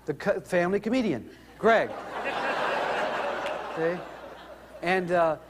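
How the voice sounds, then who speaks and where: A middle-aged man telling humorous family stories in an animated way to an audience. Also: slow, big-room sound, very noisy. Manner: animated, rises in pitch when excited. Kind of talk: humorous storytelling talk.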